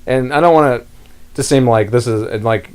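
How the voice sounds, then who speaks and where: A man's voice: mid-range voice, normal speed, a little mellow, clear, resonant tone. A young man from North Carolina hosting a casual podcast chat and rambling through his points with many fillers. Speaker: podcast host.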